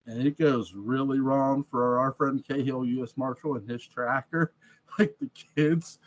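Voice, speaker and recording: A man's voice: medium pitch, unhurried. A man in a casual film review chat, rambling through his points with restarts. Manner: rambling, with frequent restarts and laughs. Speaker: movie reviewer. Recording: dull lo-fi sound.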